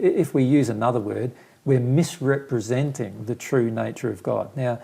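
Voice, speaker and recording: A man with a gravelly, slightly husky voice speaks as a spiritual teacher in a relaxed conversation. He explains earnestly and patiently, reaching for simple everyday comparisons. His pitch sits at an ordinary middle height for a man.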